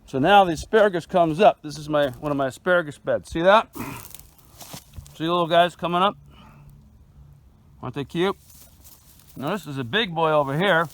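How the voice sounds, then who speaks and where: A man's voice: fairly high pitch, normal speed, pauses often, poor audio. A man giving a casual, chatty walking tour of his farm garden outdoors, filmed on a handheld phone. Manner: laid-back and chatty, calls viewers man and dude. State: chewing food at times.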